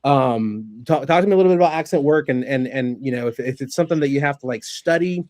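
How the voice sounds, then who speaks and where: A man talks in an easy, storytelling way as host of a podcast conversation. His voice sits at a middle pitch and sounds dry and close to the mic, with frequent restarts as he thinks aloud. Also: quick pace, a little mellow, no echo. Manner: chatty, storytelling, many restarts. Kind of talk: casual podcast chat.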